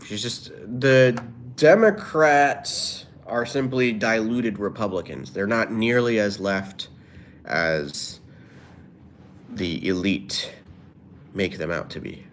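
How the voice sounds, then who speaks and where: A man's voice: fairly low pitch, slow, slight background noise. A man livestreaming, reading viewers' comments aloud and answering them in a rambling, offhand way. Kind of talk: casual livestream chat.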